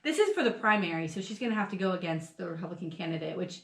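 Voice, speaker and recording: A woman co-hosting a podcast, telling stories in an animated, swearing, laughing casual chat. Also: fairly low pitch, very fast, roomy sound. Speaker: podcast co-host. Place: home dining room.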